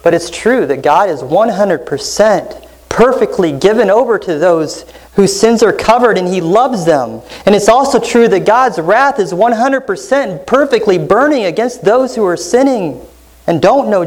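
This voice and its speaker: A man preaching a sermon as pastor, earnest and emphatic, slowing down to stress key phrases. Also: sits high, lively intonation, low-quality recording.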